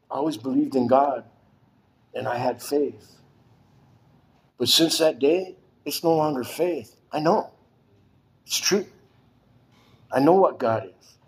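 Middle-aged man, mid-pitched, casual storyteller; loose and repetitive, leans on fillers, soft background hiss. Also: poor audio. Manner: rambling, filler-heavy, repeats phrases.

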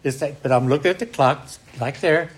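Emphatic man sharing his recovery story. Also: on the high side. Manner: emphatic, rising and slowing when angry, tag questions "right?". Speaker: speaker sharing at a recovery meeting. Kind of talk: personal recovery testimony.

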